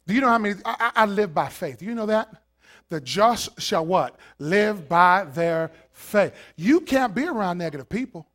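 A man preaching a sermon, animated and acting out voices, rising to shouted peaks. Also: high voice. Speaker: pastor.

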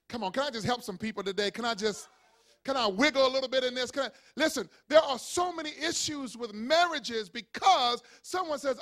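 A pastor preaching a sermon, calling on the congregation to respond and building up to shouted points. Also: male voice, extremely high pitch, expressive, fairly quick.

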